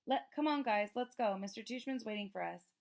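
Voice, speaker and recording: A woman playing a laid-back schoolboy who stays calm under pressure in a storybook reading. He talks easily and casually, in a slightly raised voice with a gravelly texture. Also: fairly high pitch, brisk. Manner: calm, casual "dude" talk. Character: brave, easygoing schoolboy who stands up to bullies.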